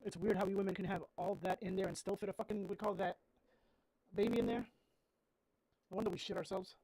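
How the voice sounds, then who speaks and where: A woman's voice: on the low side, vocal fry, mellow, low-quality recording. Blunt, foul-mouthed woman streamer. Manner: blunt, swears freely. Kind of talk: casual gameplay commentary.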